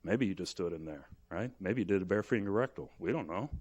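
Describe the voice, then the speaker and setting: Man, middle-aged, physician, live lecture, animated, jokey, acts out scenes, lowish voice. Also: quick pace, muffled recording. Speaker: physician teaching at grand rounds. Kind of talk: lively live lecture with demonstration. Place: hospital lecture hall. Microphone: moves on and off the microphone.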